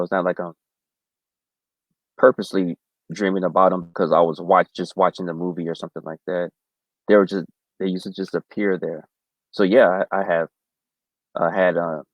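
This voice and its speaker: A man talking as a guest in a casual chat, halting and hesitant, with many fillers. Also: deep voice, no room sound. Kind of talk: casual conversation. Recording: dull lo-fi audio.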